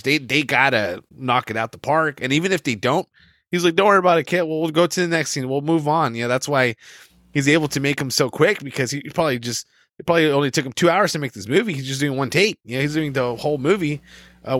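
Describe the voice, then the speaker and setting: A man's voice: mid-range voice, a little fast, fairly bright tone, no room sound, clean studio sound. A man co-hosting a podcast, reviewing a film in loose, rambling casual chat full of restarts.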